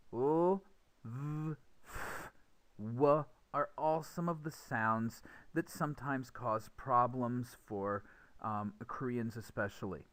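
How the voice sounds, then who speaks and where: A man's voice: mid-range voice, a bit bright. A young man teaching a recorded English pronunciation lesson, explaining patiently and often repeating words as he restarts.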